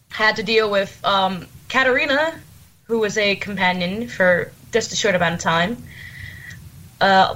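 A woman's voice: medium pitch, a bit bright, poor audio. A woman chatting as a guest on a podcast, enthusiastic and giggly, acting out quotes as she goes. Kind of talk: casual podcast chat.

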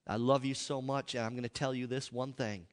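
A preacher putting on a gentle, loving Jesus. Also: male voice, medium pitch, fairly even intonation, a little fast, lightly acted. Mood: tender. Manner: soft, gentle, pleading. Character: tender, loving adult male Jesus. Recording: echoey hall.

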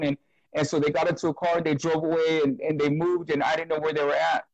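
A man giving an emotional personal testimony as an interview guest, talking earnestly and haltingly, often repeating words and restarting. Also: fairly high pitch, flat delivery, no room sound, rough recording.

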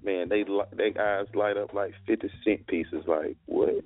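A man's voice: lowish voice, steady tone, unhurried, no echo, soft background music. A man co-hosting a morning show, laid-back and stammering as he chats. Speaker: co-host. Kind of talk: casual radio chat. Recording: dry tinny phone-like sound.

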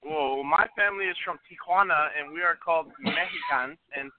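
A man's voice: fairly high pitch, brisk, noisy background. A man calling in to a show, talking in a playful, rambling, mock-indignant way. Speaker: caller. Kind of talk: joking call-in rant. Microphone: phone. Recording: tinny phone line.

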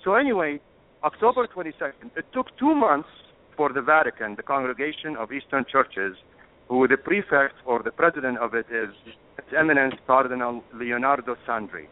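A man's voice: mid-range voice, expressive, normal speed. A man speaking as a guest on a call-in radio discussion, impassioned and emphatic, stopping to apologize for getting emotional. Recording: tinny phone line.

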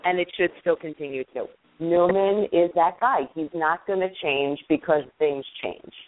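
A woman from Queens with a deep voice and a New York accent, talking emphatically in a casual panel discussion. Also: unhurried. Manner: emphatic, insistent. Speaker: recruiting panelist. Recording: tinny phone-like line.

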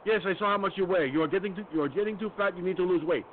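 A man's voice: high-pitched, racing, voice pushed up, lightly acted. A man voicing a pushy woman doctor who gives blunt, clipped orders. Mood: insistent. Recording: phone-like line with faint noise.

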